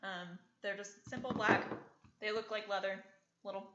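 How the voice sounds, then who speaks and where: A woman's voice: mid-range voice, fairly even intonation, moderate pace, background noise. A young woman in her twenties, a reseller vlogger, chatting casually through an unboxing and thinking aloud with lots of fillers. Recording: echoey room, dull lo-fi sound.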